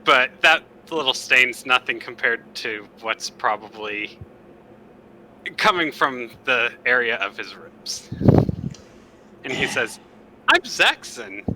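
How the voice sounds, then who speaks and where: A man playing a tabletop game, describing his character in a dry, deliberate way. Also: medium pitch, pushed and bright, a little hiss or hum, low-quality recording. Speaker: player.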